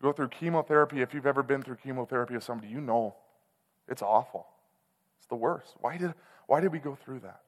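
A man preaching a sermon, telling a personal story in a candid, conversational way that swells into loud, passionate outbursts. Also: mid-range voice, fast. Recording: long hall reverb.

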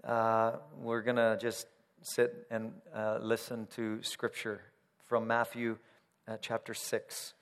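A man's voice: fairly low pitch, monotone, slow pace, smooth. A male pastor leading a service in a conversational way, with frequent fillers. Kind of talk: sermon. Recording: reverberant church hall.

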